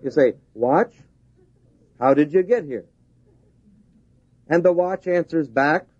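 Man, pastor, sermon, emphatic, fairly high pitch, dull old tape sound. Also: slow, a little mellow, no echo. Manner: emphatic, repeats lines with rising stress.

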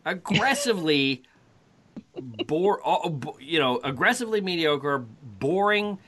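A man hosting a casual podcast chat, wry and animated, often correcting himself mid-sentence. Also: fairly high pitch, slow. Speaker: podcast host.

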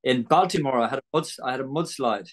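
A man's voice: medium pitch, fast. An Irish man as an interview guest, giving an earnest testimony and acting out the voices of people in his story. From Ireland.

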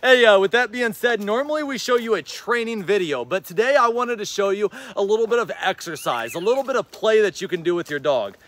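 A man outdoors in his yard mixes rambling, casual advice for his viewers with eager, encouraging shouts to his dog during a game of fetch. His high voice runs a little fast, with few pauses.

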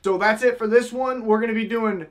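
High-voiced man teaching goose calling. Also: fairly even intonation, brisk. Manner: step-by-step, demonstrating with vocal honk sounds. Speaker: goose call instructor. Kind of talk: casual how-to tutorial.

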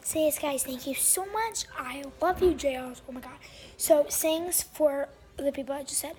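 A high-pitched young girl films a casual home vlog, gushing with excitement and slipping into whispers now and then. The phone recording carries a clear hiss of background noise. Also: moderate pace. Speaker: vlogger. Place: home, indoors.

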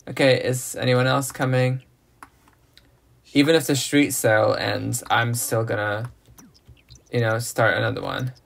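This is a let's play host giving relaxed gameplay commentary. The host thinks aloud and teases the characters on screen. The voice is mid-pitched with a gravelly creak. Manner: chatty, thinking aloud, teasing the game characters.

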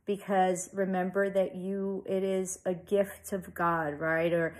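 A woman's voice: lowish voice, little pitch movement, takes it slowly, poor audio. A woman reading tarot cards for her viewers in a loose, reassuring way, full of fillers and "okay?" tag questions. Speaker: tarot reader. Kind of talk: casual tarot reading to camera.

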